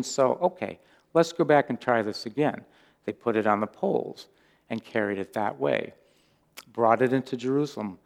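A male pastor gives a relaxed, chatty sermon with a mid-range voice. He keeps things light and humorous and keeps turning to the congregation with questions. His tone stays informal throughout. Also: mid-range voice. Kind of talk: conversational sermon.

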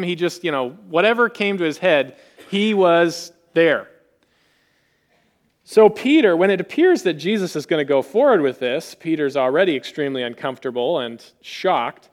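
A man preaching a sermon in an animated way, acting out quoted voices with rising emphasis. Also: fairly high pitch, normal speed. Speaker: pastor.

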